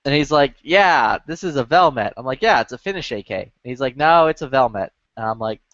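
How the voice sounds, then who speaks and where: A man's voice: medium pitch, lively intonation, brisk, a bit bright, dry recording, highs cut off. Rambling profane man on voice chat. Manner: profane, rambling, many filler "like"s. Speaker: lobby chat regular. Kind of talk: casual storytelling chat.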